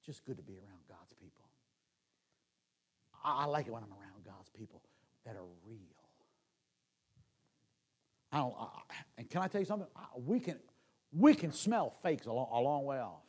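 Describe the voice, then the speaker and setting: A man preaching a sermon, swinging from loud calls to hushed near-whispers and repeating phrases as he builds. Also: medium pitch, animated, fairly quick. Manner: repeats and restarts phrases, folksy asides.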